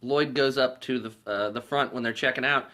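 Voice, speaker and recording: Bright-voiced man rambling through a movie recap. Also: medium pitch, moderate pace. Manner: rambling and profane, with filler words. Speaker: movie reviewer.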